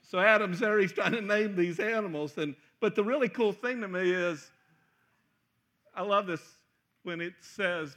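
A middle-aged man preaching a sermon, joking and acting out scenes, sometimes breaking into loud shouts. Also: high voice, normal speed. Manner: animated, joking, acts out voices with loud shouts. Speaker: pastor.

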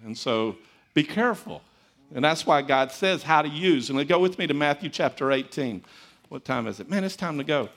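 A man preaching a sermon as a pastor, telling stories in an animated, conversational, folksy way. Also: on the high side, normal speed.

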